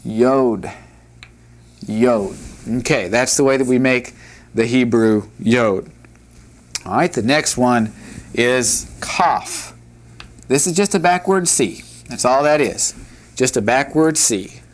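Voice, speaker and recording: Slow, patient male language teacher. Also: mid-range voice, expressive. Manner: patient, repeats each letter slowly for practice; plain-spoken, with light jokes. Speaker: Hebrew teacher. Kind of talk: classroom lesson at a whiteboard.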